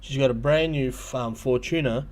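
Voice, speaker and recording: A man's voice: mid-range voice, moderate pace. A man with an Australian accent hosting a casual livestream, telling a rambling story full of ums and restarts. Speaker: livestream host.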